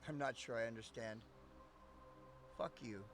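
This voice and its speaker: A man's voice: medium pitch, measured pace, noisy background. A man chatting casually on a live stream, rambling and swearing often, laughing between thoughts.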